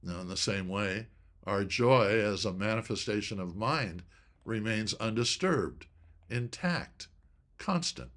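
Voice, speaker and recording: A man giving an inspirational teaching talk on studying scripture, speaking deliberately and stressing key words. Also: on the low side, expressive, fairly bright tone. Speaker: presenter of a Bible study talk.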